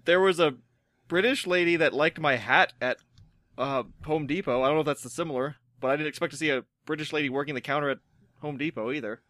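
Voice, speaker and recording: An American man co-hosting a podcast in casual chat, jokey and quick to laugh. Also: fairly high pitch, fairly bright tone, no echo, studio quality. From United States. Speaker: podcast co-host.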